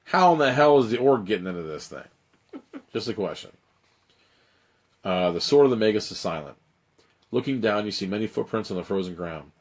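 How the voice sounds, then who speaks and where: A man with a fairly low voice reads an adventure gamebook aloud for a live audience. His narration keeps breaking into wry, irreverent asides and offhand swearing. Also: expressive, normal speed, pauses often. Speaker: livestream host reading an adventure gamebook. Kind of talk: reading aloud with joking asides.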